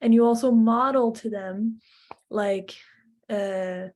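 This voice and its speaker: Slow, chatty woman giving a lecture. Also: on the high side, fairly even intonation, darkish tone. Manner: slow, chatty, many fillers and "like". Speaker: parenting lecturer. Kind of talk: informal recorded lecture.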